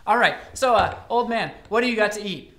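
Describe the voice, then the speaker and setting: A man's voice: sits high, lively intonation, a little fast, bright, forceful tone, full character voice. A man playing a bossy, know-it-all traveler from Osaka who lectures his friend, told live on a college stage in a roomy hall. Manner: lecturing, sure of himself. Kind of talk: live comic storytelling. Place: college stage before an audience.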